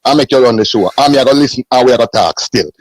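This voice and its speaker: A man with a Jamaican accent in a heated casual sports debate as a podcast co-host, holding the floor forcefully. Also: medium pitch, fast talker, no echo, poor audio.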